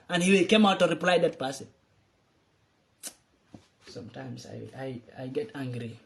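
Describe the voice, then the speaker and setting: High-voiced angry man. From Gambia. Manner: angry, accusing, repeatedly addressing the president. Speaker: political commentator. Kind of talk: impassioned political rant.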